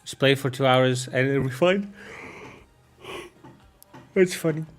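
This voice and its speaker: A male streamer from Ukraine talks slowly and loosely to his chat, swearing often and laughing at his own jokes. Faint music plays behind him as he reacts to clips. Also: mid-range voice.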